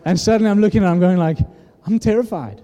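A man in his thirties preaching a sermon, telling a story and acting out the dialogue with lively energy. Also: high-pitched, racing, clean tone. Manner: animated storytelling, acts out dialogue. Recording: echoey hall reverb.

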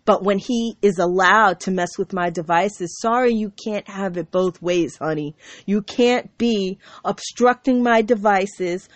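A woman's voice: medium pitch, unhurried, no echo. A woman hosting her own show, delivering an aggrieved, sarcastic monologue with mocking asides. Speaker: show host. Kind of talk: ranting monologue to camera. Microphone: computer mic.

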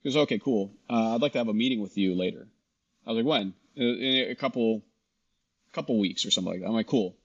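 A man with a husky, fairly low voice tells his story in an easygoing interview, acting out what people said and restarting his sentences as he goes. The sound is slightly dull and lo-fi. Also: fast talker. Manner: animated, quotes people in dialogue, frequent restarts. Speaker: guest, shop founder.

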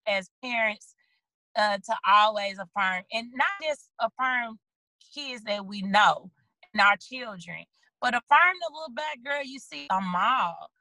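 A woman's voice: mid-range voice, measured pace, rough recording. A woman from St. Louis, a guest author, talking earnestly and at length in a casual interview over a video call. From St. Louis, USA. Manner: earnest, rambling, animated storyteller.

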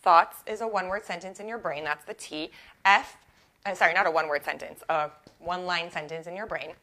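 A bright-toned young adult woman talks through a coaching lesson in a loose, conversational way. She is animated and chatty, sprinkles in "like," and corrects herself mid-sentence as she goes. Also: fairly low pitch, fairly quick. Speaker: life coach and podcast host. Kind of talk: casual solo podcast teaching.

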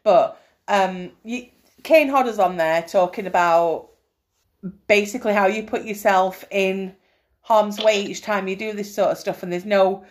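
Woman co-host, lively horror-movie chat, mid-pitched. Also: unhurried. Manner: enthusiastic, laughs often, swears casually. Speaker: podcast co-host. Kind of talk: casual film review chat.

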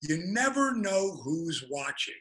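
A man telling animated stories as an interview guest, with quick restarts. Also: sits high, low-quality recording. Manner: animated, fast-moving storyteller with restarts. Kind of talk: interview storytelling.

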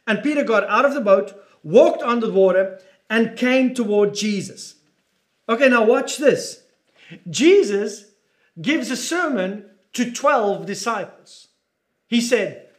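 Man, very high voice, preacher, emphatic sermon, repeats phrases, asks questions. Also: expressive, unhurried, a bit bright.

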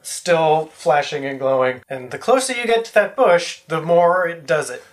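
A man's voice: a little high, expressive, normal speed. A man narrating as dungeon master, describing scenes in a casual, easygoing way. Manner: casual, pointing at a map while describing. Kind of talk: narrating a tabletop game.

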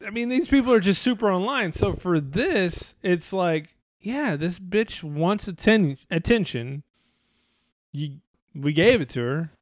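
A man chatting on a podcast in a rambling, sarcastic way, cursing freely and slipping into mocking voices of other people. His voice sits a little higher than most men's, and the recording is dry and close with no room sound. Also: animated, a little slow, dry recording. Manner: rambling, sarcastic, swears a lot, mimics others. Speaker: podcast co-host. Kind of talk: casual profane chat.

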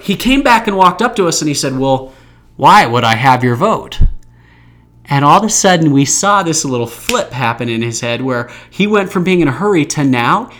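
A man in his thirties or older from Utah, hosting a podcast and telling an anecdote in a chatty, animated way. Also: fairly high pitch. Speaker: podcast host. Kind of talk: storytelling anecdote.

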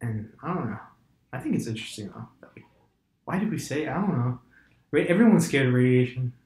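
Animated man chatting, echoey room. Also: mid-range voice, a little fast. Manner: animated storyteller, jumps into mock voices. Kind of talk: casual chat.

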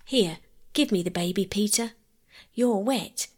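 A woman's voice: mid-range voice, a little slow, lightly acted. A woman reading aloud voices a determined young girl and eldest sister, insistent and pleading as she gives orders. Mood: commanding.

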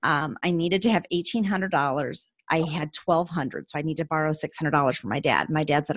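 A woman in her forties hosting a podcast, telling a personal story in a casual, animated way. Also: deep voice, fairly quick, hardly any pauses, dry recording. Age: 40s. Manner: animated storyteller, acts out quotes with laughs. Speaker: podcast host.

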